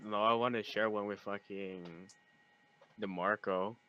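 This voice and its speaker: A man's voice: on the low side, steady tone, measured pace, muffled recording. A man joining a casual podcast, making laid-back, dry remarks. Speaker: podcast guest. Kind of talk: casual chat. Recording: background noise on the line.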